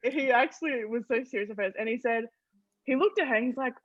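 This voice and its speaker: A young woman from Australia tells family stories as a podcast guest, animated and quick to laugh. The sound is a little dull and lo-fi. The room is very dry. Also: fairly high pitch, dry recording. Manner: animated, laughs often while telling stories. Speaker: interview guest. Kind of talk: casual storytelling interview.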